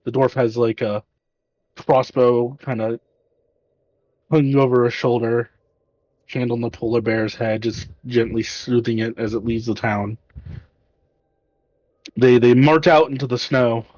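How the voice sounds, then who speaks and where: A man narrating a tabletop game as game master, in a casual, halting way with restarts. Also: mid-range voice, fairly even intonation, a little mellow, dry recording, lo-fi sound.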